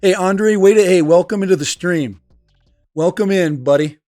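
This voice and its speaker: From a room in his home, a man who hosts livestreams and teaches reads chat comments into his desk microphone, rambling and laughing along the way. His voice sits high with a dark tone at a normal speed, and the close, echo-free recording has music behind it.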